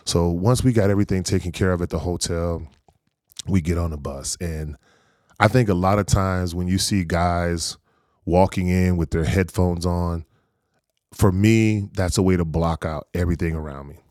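Deep-voiced man telling his story. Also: steady tone, normal speed, darkish tone, no echo, clean studio sound. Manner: candid, conversational, lots of "you know" and "like". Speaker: former football player telling his story. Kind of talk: reflective storytelling.

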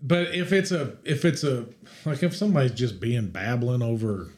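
A man in casual chat who talks emphatically, his voice sitting in an ordinary middle pitch. He speaks with animated energy, stops and restarts mid-thought, and keeps coming back to his point as a co-host. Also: moderate pace. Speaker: podcast co-host.

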